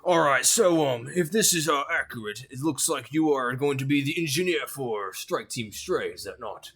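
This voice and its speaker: A man voicing a gruff male orc armorer clerk who talks in an offhand, businesslike way. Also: mid-range voice, expressive, normal speed, a bit bright. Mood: brusque.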